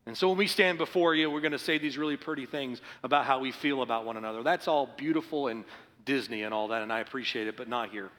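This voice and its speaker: A middle-aged man preaching a sermon as pastor, earnest and rising to forceful emphasis. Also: mid-range voice, quick pace, long reverb tail. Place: church sanctuary.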